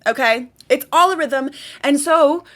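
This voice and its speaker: Young woman, high voice, emphatic motivational vlogger who repeats lines for punch. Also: measured pace. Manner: animated, emphatic, repetitive, swears casually. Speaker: manifestation vlogger. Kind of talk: casual motivational vlog.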